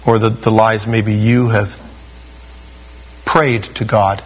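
Slow husky male preacher. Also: lowish voice, level tone, poor audio. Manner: conversational preaching with acted-out quotes. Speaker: pastor. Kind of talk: sermon.

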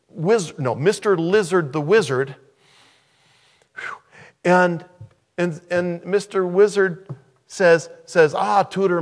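Male pastor, slightly high voice, emphatic sermon delivery with repeated phrases.

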